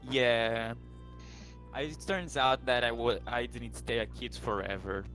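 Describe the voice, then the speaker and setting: A man's voice: mid-range voice, a little slow, a bit bright, faint music behind. A man playing his character in a tabletop game, cheerful and playful. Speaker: player.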